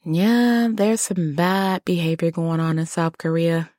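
A woman hosting a podcast at home, talking quietly and low so she won't wake her household. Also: fairly even intonation, measured pace, no room sound, studio quality. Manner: quiet and low, speaking softly. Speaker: podcast host. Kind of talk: podcast monologue. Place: home, early morning.

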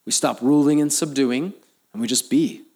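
A man preaching a sermon as pastor, telling personal stories, building to emphatic lines and dropping to quiet, low asides. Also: moderate pace, breathy edge. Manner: storytelling, rising to emphatic peaks then dropping soft and low.

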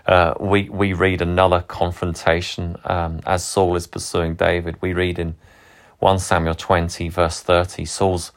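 Deep creaky-voiced man preaching. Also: little pitch movement, unhurried. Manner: earnest, reflective, repeats words when starting a thought. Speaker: pastor. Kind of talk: sermon.

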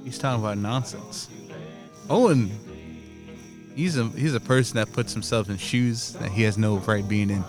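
A man co-hosts a casual, crude podcast outdoors at night. He tells stories, mimics his friends in mocking voices, and leans into dark jokes. Crickets chirp behind him, with faint music underneath. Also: on the low side, normal speed. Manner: storytelling, mock-quoting others, dark jokes. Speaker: podcast co-host. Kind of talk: casual chat.

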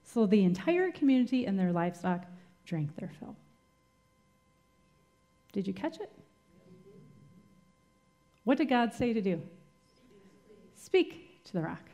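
A woman's voice: mid-range voice, big pitch swings, slow, pauses often, warm tone. A woman giving a sermon as a Bible teacher, retelling scripture dramatically and asking the listeners rhetorical questions.

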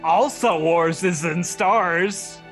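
A man's voice: high voice, takes it slowly, over music. A man voicing a goofy, clumsy male alien sidekick who mangles his grammar, half-hearted in an improvised comedy scene. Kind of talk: improv comedy role-play.

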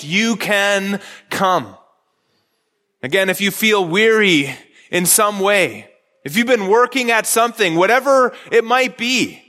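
Male pastor, high bright voice, earnest sermon with repeated restarts, long hall reverb.

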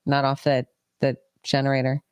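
A woman's voice: extremely low pitch, completely flat delivery, normal speed, clear, resonant tone, clean studio sound. An American woman co-hosting a podcast, chiming in to back up and echo her partner's story. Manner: chimes in, backing up and echoing her co-host. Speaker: podcast co-host. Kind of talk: casual chat.

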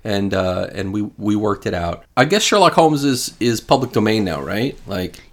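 A man's voice: on the low side, very animated, normal speed. A man hosting an interview, chatting casually and encouraging listeners. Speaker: interview host.

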